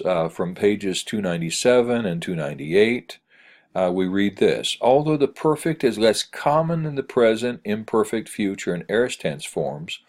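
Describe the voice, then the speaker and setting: Speaking at a fairly low pitch with a somewhat dark tone, a man lectures on Greek grammar in a recorded screencast. He stumbles through the examples he reads out, filling gaps with "uh."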